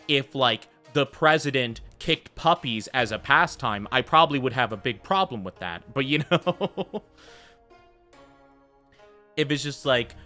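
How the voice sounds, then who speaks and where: A man's voice: fairly high pitch, sharp tone. An American man chatting casually while streaming a game, rambling with lots of fillers and tangents. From United States.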